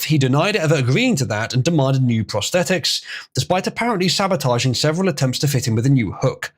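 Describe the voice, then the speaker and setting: A man hosting a livestream, reading an article aloud and breaking in with sarcastic, crude remarks. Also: mid-range voice. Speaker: livestream host.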